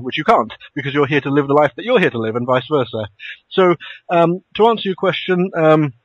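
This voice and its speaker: Man, author and coach; quick, rambling, earnest delivery, slightly high voice; dull lo-fi recording. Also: dry recording. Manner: earnest, rambling, many restarts and "you know"s. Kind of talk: casual spoken advice, answering a listener question.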